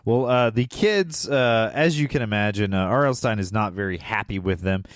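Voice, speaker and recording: A man's voice: fairly low pitch, normal speed, smooth, no echo, clean studio sound. Rambling man recapping a film. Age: 40s. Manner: rambling, with many filler uhs. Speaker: podcast co-host. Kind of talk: casual chat recapping a film plot.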